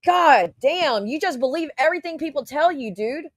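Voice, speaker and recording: A woman's voice: high-pitched, lively intonation, normal speed, no room sound. A woman commentator ranting in her own defense, firing rhetorical questions and swearing. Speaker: YouTube commentator. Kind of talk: heated reaction rant.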